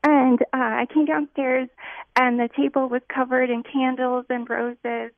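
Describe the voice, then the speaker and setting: Young female caller, high pitch, chatty, tinny phone line sound. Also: flat delivery, unhurried, dry recording. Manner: chatty, hesitant with ums. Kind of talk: phone-in storytelling.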